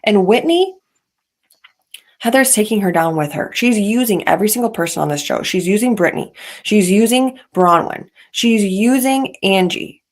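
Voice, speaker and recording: A woman talks straight into a podcast mic in casual gossip-show style. Her voice sits at a middle pitch. She is opinionated and chatty and slips in petty asides. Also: lively intonation, moderate pace. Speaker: podcast host. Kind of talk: casual reality-TV gossip commentary.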